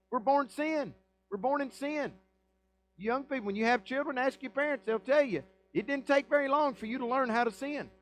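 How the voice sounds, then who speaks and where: Man, pastor, sermon in church, slightly high voice, conversational preaching, rhetorical questions. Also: low-quality recording. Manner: conversational preaching, reads scripture then explains with asides.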